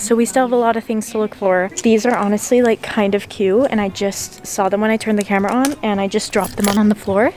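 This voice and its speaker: A woman's voice: medium pitch, noisy background. A young woman vlogging casually to camera while running errands, rambling, frazzled and poking fun at herself. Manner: rambling, frazzled and self-mocking. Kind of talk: casual vlog chat to camera. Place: out and about, stores and car.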